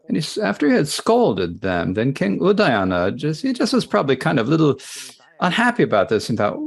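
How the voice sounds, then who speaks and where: Gravelly man retelling a Buddhist tale. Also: a little high, wildly swooping pitch, normal speed. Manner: plain, repetitive storytelling with asides. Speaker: interpreter of a Buddhist teaching. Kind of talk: retelling a scripture story in a lecture.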